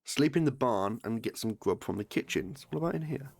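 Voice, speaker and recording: A man streaming a video game live, commenting in a playful, excitable way and swearing freely. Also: mid-range voice, a little fast, creaky, a little hiss or hum.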